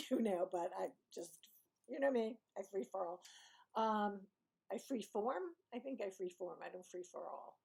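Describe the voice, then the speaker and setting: A woman's voice: mid-range voice, expressive, creaky, slightly rough. A woman from Brooklyn with a light New York accent, telling a rambling, self-mocking story to her vlog audience. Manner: rambling, self-mocking, digressive with quick laughs. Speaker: vlogger. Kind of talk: chatty storytelling monologue.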